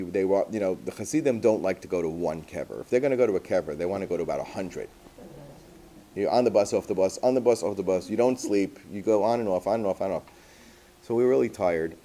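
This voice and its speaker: Low, mellow-voiced rabbi telling a story. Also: male voice, brisk. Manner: animated anecdotal storytelling with Yiddish and Hebrew terms. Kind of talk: storytelling talk to a class.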